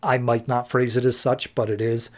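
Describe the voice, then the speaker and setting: A man casually summing up a comic book issue for a podcast, tossing off quick loose voices for the characters as he goes. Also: mid-range voice, flat delivery.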